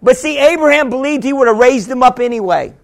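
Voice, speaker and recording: High-voiced preaching man. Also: lively intonation, fast talker. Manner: preaching with sudden shouts, many repeated words. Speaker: pastor. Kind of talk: sermon.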